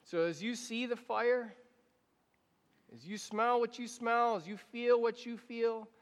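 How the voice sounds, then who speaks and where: Slow, high-voiced preaching man. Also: steady tone. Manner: guided prayer, soft and slow, repeating phrases. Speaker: pastor. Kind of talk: sermon. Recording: long reverb of a church hall.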